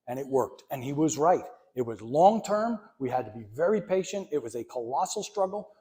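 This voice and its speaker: A man's voice: a little high, warm tone. A man in his fifties giving a conversational, emphatic history lecture in a library, with wry asides. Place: library meeting room.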